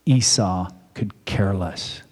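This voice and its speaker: A man's voice: sits low, slow, husky. A man pastor preaching a sermon, retelling a story in a conversational way and acting out the quotes. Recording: long reverb in a large hall.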